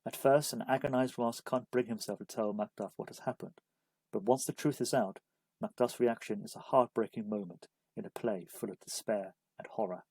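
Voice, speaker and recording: A man reads a scripted study-guide lesson in a measured, even way. His voice is mellow and a little husky, and the recording is dry and close. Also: fairly low pitch, dry recording, poor audio. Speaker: literature explainer. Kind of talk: scripted narration.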